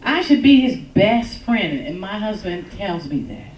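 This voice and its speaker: A woman giving a joking, lively talk on relationships at a church service, acting out little quotes as she goes. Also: medium pitch, unhurried. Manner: animated, joking, acts out quotes. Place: church hall with congregation. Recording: echoey hall, mic from far off.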